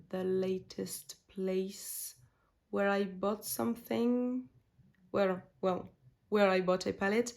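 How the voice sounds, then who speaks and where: A woman's voice: mid-range voice, vocal fry, darkish tone. Woman, first language French, beauty vlogger, gushing and chatty, lots of fillers. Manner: enthusiastic, gushing, many fillers and restarts. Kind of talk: casual makeup chat.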